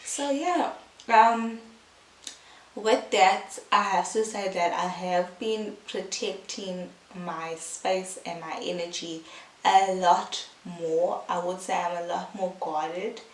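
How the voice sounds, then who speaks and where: A woman's voice: lowish voice, slow pace. A young woman, a new mother, chatting in a casual, heartfelt vlog, full of "like" and "um". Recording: echoey room, mic at a distance, faint hiss.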